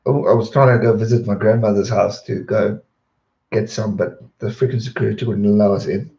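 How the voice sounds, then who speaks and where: A young man, chatting casually on a live stream and answering viewer questions in a rambling, relaxed way. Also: lowish voice, fairly quick, gravelly. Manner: relaxed, rambling, repeats words when distracted. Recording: dull roomy home stream audio.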